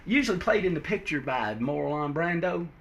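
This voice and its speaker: A man's voice: on the high side, expressive, normal speed, gravelly, a bit bright, lo-fi sound. A man hosting and telling a comic folk-tale with a put-on Southern drawl, folksy and playful. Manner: folksy, playful, hammy voice switching. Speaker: host and storyteller.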